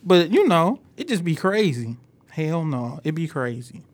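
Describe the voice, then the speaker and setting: Animated, husky-voiced man telling stories. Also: fairly high pitch, unhurried. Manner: animated storyteller, laughs a lot. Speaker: podcast host. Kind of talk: casual chat.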